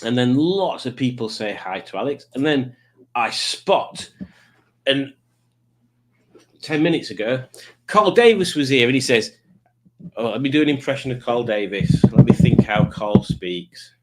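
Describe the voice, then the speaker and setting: A man in the middle of a casual live stream, chatting away in a loose, rambling manner. His pitch sits right in the ordinary middle range, and he jokes easily while he greets the people in the chat. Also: expressive, unhurried, long pauses. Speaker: livestream host. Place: home streaming setup with lights.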